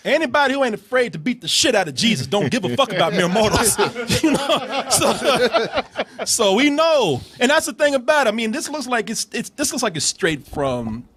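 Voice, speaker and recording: A man hosting a casual movie trailer reaction, talking in a profane, animated way with frequent laughs and repeated words. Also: extremely high pitch, moderate pace. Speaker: film reviewer host.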